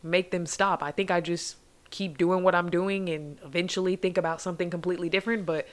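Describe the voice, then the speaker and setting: Candid young woman, slightly low voice. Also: steady tone, a little fast. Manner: rambling, heartfelt, heavy use of "like" and "you guys". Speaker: podcast host. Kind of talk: candid solo podcast monologue.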